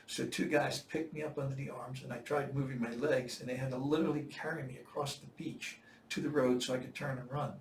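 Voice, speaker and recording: An older man telling a war-veteran story in casual, animated style, acting out the voices he quotes. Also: mid-range voice, fairly quick. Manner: animated, acts out quoted voices with bursts of loud shouting. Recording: echoey room, distant mic, faint noise.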